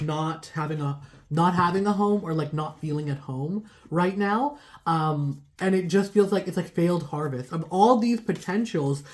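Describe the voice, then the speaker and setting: Speaking in a lowish voice with a darkish tone, a tarot reader offers a casual reading to her viewers. Her talk wanders, peppered with "like" fillers, and she often chuckles at herself.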